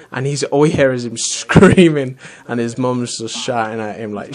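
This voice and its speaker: A man's voice: medium pitch, normal speed, few pauses. Chatty young gamer man. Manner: rambling, chatty, swears casually. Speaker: let's play host. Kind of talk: casual gaming commentary.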